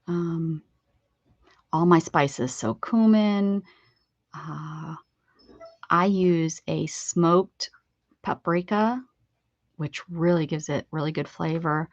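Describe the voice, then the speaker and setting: A woman's voice: low voice, slow, long pauses, no room sound. A middle-aged woman, chatting casually on a livestream and rambling with many self-corrections. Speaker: craft livestream host. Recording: dull, slightly lo-fi dry sound.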